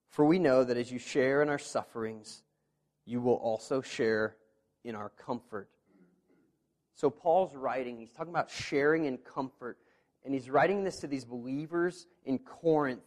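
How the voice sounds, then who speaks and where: A man preaching a sermon as pastor, earnest and conversational, swinging between quiet, intimate asides and loud, emphatic passages. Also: mid-range voice, measured pace, long pauses. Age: parent of children. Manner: earnest, with conversational fillers and restarts.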